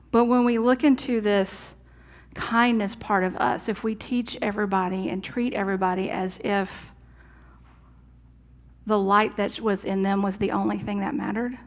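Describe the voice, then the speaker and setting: Her voice medium in pitch, a minister gives a sermon in a church sanctuary, sounding earnest and talking as if in conversation. At times she lowers into soft asides.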